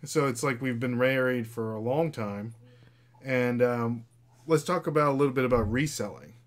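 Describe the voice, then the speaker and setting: A man's voice: medium pitch, normal speed. A man hosting a casual reselling chat, rambling with fillers and talking to viewers. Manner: rambling, many fillers, chatty with viewers and dog. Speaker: reseller podcast host. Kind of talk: casual livestream chat with his wife.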